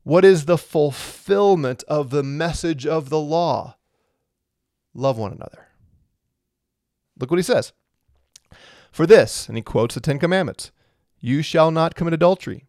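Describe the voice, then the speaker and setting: A man delivers a sermon in an earnest, emphatic way, circling back over his own phrases. His voice sits a little higher than most men's. The sound is close and dry, with no room around it. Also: a little slow, long pauses, a little mellow, no echo. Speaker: preacher.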